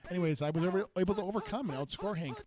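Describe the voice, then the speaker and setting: A man's voice: sits high, expressive, very fast, a crowd in the background. A man co-commentating a retro football game tournament, earnest and chatty in his analysis. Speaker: co-commentator and player.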